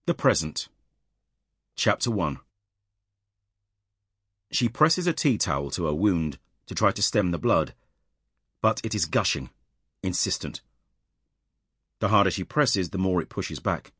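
A man narrating an audiobook in a measured, tense storytelling manner, recorded close in a dry studio. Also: low-pitched, very animated, fairly bright tone, slightly rough, no echo.

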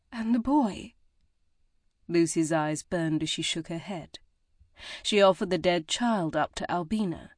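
Woman narrator, low-ish voice, measured audiobook delivery, dry studio. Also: no echo. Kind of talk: scripted narration.

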